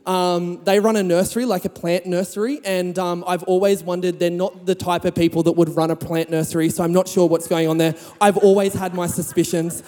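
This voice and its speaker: High-voiced preacher in a hall. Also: male voice, brisk, hardly any pauses. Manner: animated, comic storytelling with sound effects. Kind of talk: storytelling sermon.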